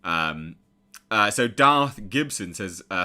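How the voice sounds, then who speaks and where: English man, young adult, bright voice, lively pitch, casual stream chat, reads viewer comments. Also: measured pace. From England.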